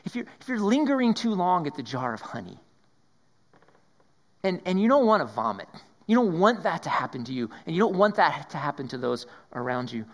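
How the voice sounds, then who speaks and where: A man preaching a sermon, swinging between raised emphasis and hushed whispers and often repeating his words. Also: fairly high pitch, big pitch swings, moderate pace. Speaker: pastor.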